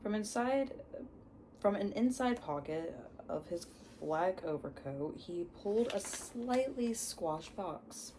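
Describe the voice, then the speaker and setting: A young woman reading a book aloud, unhurried, often stumbling over words and correcting herself. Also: fairly low pitch, expressive, dark tone, slight background noise, low-quality recording. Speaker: reader. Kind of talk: storybook read-aloud.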